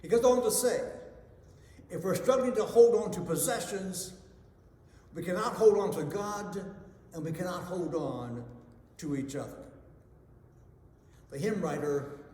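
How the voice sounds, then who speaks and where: A male pastor giving a devotional, telling a story slowly and letting his voice sink soft and low at the ends of lines. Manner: slow storytelling delivery, drops soft and low at line ends. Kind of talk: devotional sermon with a told joke. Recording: echoey hall reverb.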